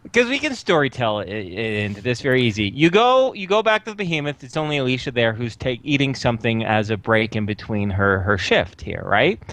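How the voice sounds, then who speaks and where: A young man narrating as game master over a voice call, animated and often laughing. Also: mid-range voice, brisk. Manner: animated, laughing, restarts a lot.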